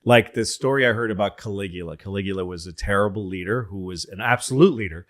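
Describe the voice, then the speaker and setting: In a casual chat, a man with a fairly low voice talks fast, rambling through history stories. His storytelling is animated, full of quoted voices and swearing.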